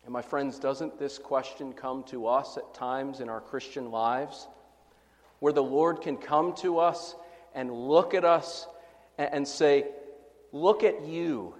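A man's voice: medium pitch, steady tone, slow. A man preaching a sermon with fervor, repeating his questions for emphasis. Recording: long reverb of a hall.

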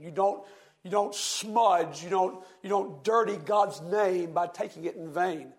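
Male preacher, high gravelly voice, slow emphatic scripture reading, questions to the room. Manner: reads scripture slowly with heavy emphasis, asks the congregation questions. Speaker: pastor. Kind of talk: sermon.

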